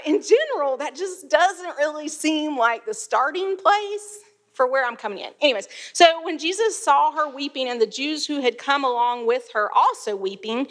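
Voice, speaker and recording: Bright-voiced chatty woman teaching Bible. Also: high voice. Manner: chatty, laughs, frequent fillers.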